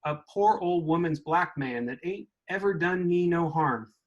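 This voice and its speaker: A man's voice: fairly high pitch, measured pace, muffled recording. A man reading aloud as a young Southern boy wrestling with his conscience, in a mid-Southern US accent, with plain, earnest storytelling. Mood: troubled.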